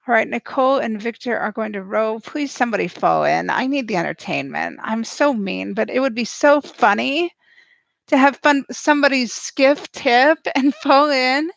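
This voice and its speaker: Woman, live reaction host, snarky and excitable, gravelly fry, dry close sound. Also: a little high, normal speed, no echo. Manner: excitable, snarky, cheering at the screen. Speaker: show recap host.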